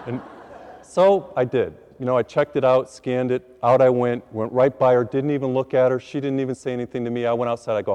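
A man, a priest, preaching a sermon as a lively, self-deprecating story, acting out his own reactions. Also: mid-range voice, fast. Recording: long hall reverb.

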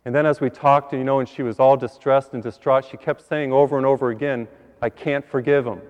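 A priest giving an earnest sermon, repeating words and building to higher emphasis on key points. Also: male voice, fairly even intonation, fast talker, big-room sound, narrow, tinny audio. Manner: earnest, repeats words, rises in pitch when stressing a point.

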